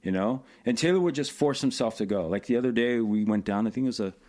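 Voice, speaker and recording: Male guest, mid-pitched, storytelling animatedly, loose filler-heavy delivery. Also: fast. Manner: animated, lots of filler phrases. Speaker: podcast guest, tournament organizer. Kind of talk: casual storytelling.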